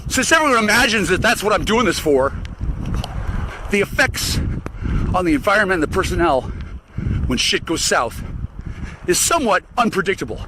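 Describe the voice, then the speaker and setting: A man's voice: high-pitched, big pitch swings, normal speed, pauses often, noisy background. A man delivering an angry, profane solo rant through a vocoder, swearing constantly. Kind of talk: solo ranting monologue.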